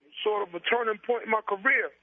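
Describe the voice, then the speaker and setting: Brief: man in his 40s, interview guest, high voice, fervent repetitive build-ups, tinny dry line. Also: fast talker, no echo. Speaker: interview guest, comedian and author. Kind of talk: emotional interview talk.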